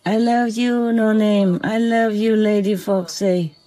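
Slow, soft-spoken voice giving blessings. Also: mid-range voice, fairly even intonation, soft background music, poor audio. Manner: soft, slow, affectionate blessings with repeated "okay?". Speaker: spiritual vlogger. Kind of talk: gentle personal vlog, speaking to an unseen animal at night.

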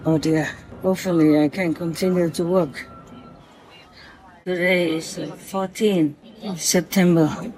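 A spiritual vlogger speaking gently at night to an unseen animal, softly giving blessings and often asking "okay?", then calmly recounting their day. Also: mid-range voice, a little hiss or hum, low-quality recording. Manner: soft, slow, affectionate blessings with repeated "okay?".

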